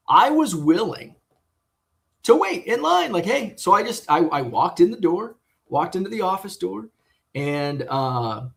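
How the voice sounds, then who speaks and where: A man vlogging casually about his sports card hobby, rambling and swearing as he vents about a bad customer service experience. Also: a little high. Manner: rambling and profane, retelling with exasperation. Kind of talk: casual venting monologue.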